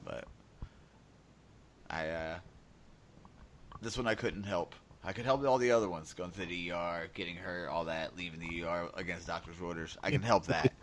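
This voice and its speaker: Male podcast co-host, low-pitched, slightly raspy, casual animated storyteller. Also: moderate pace, pauses often, a little hiss or hum. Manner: animated storyteller acting out dialogue. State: slightly raspy after a sore throat.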